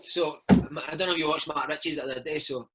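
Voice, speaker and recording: A Scottish man in his thirties, a former footballer, telling animated stories in a casual interview and slipping into impressions. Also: on the high side, quick pace, noisy background. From Scotland. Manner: animated storyteller, slips into impressions of his old coach.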